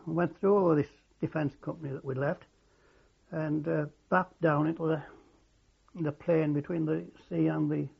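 Older man, gravelly and husky, lo-fi tape. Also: fairly high pitch. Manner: halting, reflective, many fillers and restarts. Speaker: war veteran interviewee. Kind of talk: oral history interview. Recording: dull lo-fi recording.

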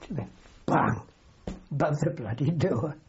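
A man's voice: fairly high pitch, measured pace, a little mellow, dull audio, a little hiss or hum. An older man, a wartime aircrew veteran, telling a long anecdote in an oral history interview. He rambles, corrects himself as he goes and keeps a dry humour.

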